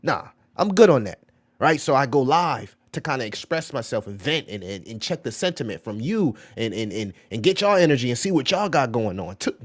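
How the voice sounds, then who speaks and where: A man's voice: mid-range voice, sing-song, fairly quick. Rambling crypto livestreamer man, chatty. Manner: rambling, slangy, says "bro" and "right?" often; reads out and answers viewer chat. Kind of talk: casual live-stream commentary.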